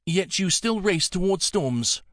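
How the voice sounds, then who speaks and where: A man's voice: high-pitched, lively intonation, a bit bright, no room sound, clean studio sound, voice pushed up. A man narrating an audiobook voices a small, boastful female dragon king in a raised voice. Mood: teasing. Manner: teasing, quick-witted.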